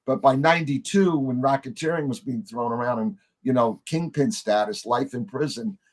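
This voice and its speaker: Guy spinning old stories on a podcast, mid-pitch, keeps doing the other people's voices. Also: normal speed. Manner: animated storyteller acting out quoted voices. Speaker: podcast guest. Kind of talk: conversational storytelling.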